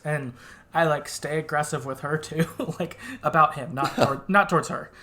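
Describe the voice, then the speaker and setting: A man's voice: on the high side, normal speed, sharp tone. A man co-hosting a podcast, chatting casually and laughing often as he recaps a game and acts out its quoted lines. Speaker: podcast co-host.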